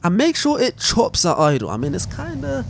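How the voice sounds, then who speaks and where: A man hosting a gaming channel, giving animated, joking gameplay commentary and often tripping over his words. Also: sits high, moderate pace, gravelly, background noise.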